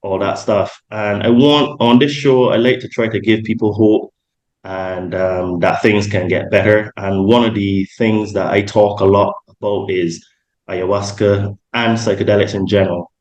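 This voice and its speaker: Rambling podcast host, low voice. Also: male voice, fairly even intonation, normal speed, a little mellow, rough recording. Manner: rambling, many ums and self-corrections. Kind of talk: casual podcast interview.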